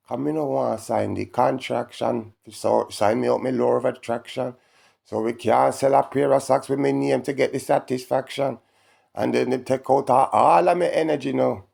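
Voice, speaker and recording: Gravelly man, rambling spiritual talk. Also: mid-range voice. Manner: animated, laughs often, preachy. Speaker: vlogger.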